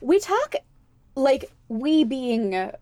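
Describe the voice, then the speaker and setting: A woman's voice: sits high, slow, no room sound. A woman co-hosting a podcast, chatting casually and agreeably, often backing up her co-host. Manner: relaxed, agreeable, frequent backchannels. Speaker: podcast co-host, longtime fan of the show. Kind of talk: casual chat.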